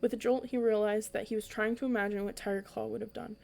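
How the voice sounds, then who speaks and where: Woman reading a bedtime story in a flat voice. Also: mid-range voice, fast, vocal fry. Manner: even, occasional slips and restarts. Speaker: storytelling podcast reader.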